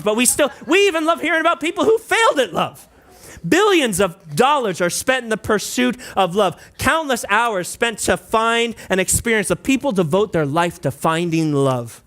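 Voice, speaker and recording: High-voiced pastor preaching casually. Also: male voice, expressive, normal speed, a bit bright. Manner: conversational preaching, with asides and audience prompts; breaks into singing and playful mock voices. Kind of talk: sermon.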